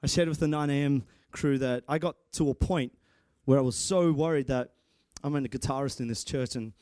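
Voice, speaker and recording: A young man preaching a sermon in an animated, excitable way, with many restarts and sudden shouts. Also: mid-range voice, moderate pace, no echo, studio quality. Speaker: preacher and church guitarist. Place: church.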